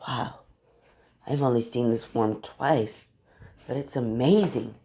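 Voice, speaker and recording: A man voicing a tearful little girl who clings to her father, pleading in a high, breathy voice. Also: slow pace, dark tone. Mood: earnest.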